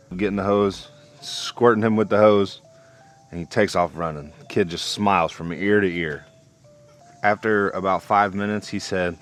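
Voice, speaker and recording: A young man, a father, telling a casual vlog story about parenting in a relaxed, conversational way. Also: low voice, a little fast, soft background music. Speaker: parent vlogger.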